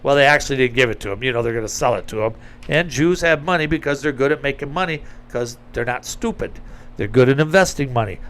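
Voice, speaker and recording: A man's voice: mid-range voice, quick pace, a bit bright. Blunt emphatic man ranting to camera. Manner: blunt, emphatic, sarcastic asides. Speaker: commentator. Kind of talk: casual opinion monologue.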